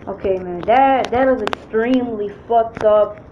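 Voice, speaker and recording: Young female gaming YouTuber, higher voice, swears a lot, excitable slangy banter, slightly muffled recording. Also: measured pace, hardly any pauses, slight background noise. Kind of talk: casual gameplay commentary.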